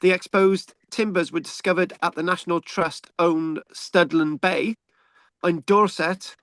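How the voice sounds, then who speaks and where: A man's voice: high-pitched, steady tone, moderate pace, fairly bright tone, no room sound. A man from England hosting a casual history talk, rambling with frequent ums and repeated words as he reads out the news. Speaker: history channel host.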